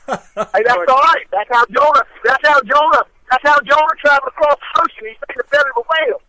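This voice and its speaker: Guy on the phone, high bright voice, cracking jokes, bragging. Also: brisk, poor audio. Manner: teasing, boastful, drawling. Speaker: guest on the phone. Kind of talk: joking phone chat. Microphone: phone line.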